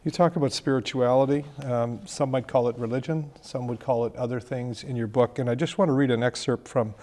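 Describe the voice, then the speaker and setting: A man hosting an interview, asking deliberate questions at a measured pace. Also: mid-range voice, steady tone, a little mellow. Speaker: interview host. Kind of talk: interview questions and reading aloud.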